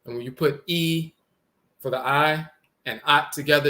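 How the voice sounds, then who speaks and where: A man's voice: medium pitch, steady tone, moderate pace, sharp tone. A man giving an explanatory lecture, repeating words and sounding out letters as he teaches.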